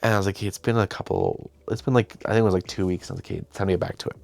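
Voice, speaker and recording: A man's voice: sits low, steady tone, racing, gravelly, a little mellow, soft background music. A young man hosting, casually telling a behind-the-scenes story, chatty and self-deprecating, often quoting himself and others. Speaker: host.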